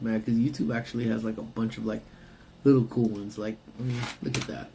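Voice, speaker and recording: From his parked car, a man hosts a casual live stream, rambling in a laid-back way as he reads and answers his chat. His voice sits on the low side and is mellow and steady, a little fast, with slight background noise.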